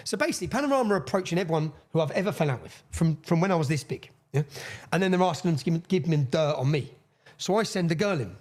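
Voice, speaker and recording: A man, a podcast guest telling a long story with energy, swearing and acting out the people he quotes. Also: fairly high pitch. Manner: fast, excitable, swears, acts out quoted voices. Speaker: interview guest. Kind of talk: animated storytelling in a podcast interview.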